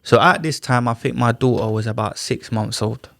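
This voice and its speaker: A man speaking at a middle pitch, recounting his story to a podcast host in easy street slang. He acts out what others said with lively little shifts of voice. The sound is close and dry, with no room around it. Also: moderate pace, vocal fry, dry recording. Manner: animated, slangy retelling with acted-out dialogue. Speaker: podcast guest. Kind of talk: casual storytelling. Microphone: studio podcast mic.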